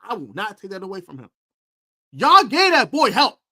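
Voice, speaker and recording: A man hosting a football preview, trash-talking rival fans in a boastful, animated way and repeating his taunts. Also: high-pitched, normal speed. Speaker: sports podcast host.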